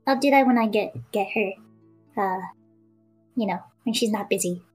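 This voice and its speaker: A woman's voice: medium pitch, moderate pace, slightly rough, soft background music. A woman playing a tabletop game, speaking casually and playfully in character. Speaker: player.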